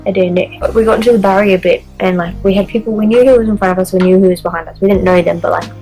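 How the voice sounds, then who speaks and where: A woman's voice: medium pitch, fairly even intonation, very fast, dark tone, soft background music, low-quality recording. A young woman casually telling a story-time vlog, chatty and swearing a lot as she acts out what people said. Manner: chatty, swears often, reenacts dialogue. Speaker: vlogger.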